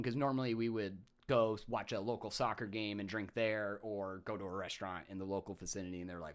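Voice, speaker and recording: A man's voice: lowish voice, fast, hardly any pauses. Young New man telling stories. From Massachusetts, USA. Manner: animated storyteller, acts out quoted voices. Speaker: podcast guest, former soldier. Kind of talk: casual storytelling chat.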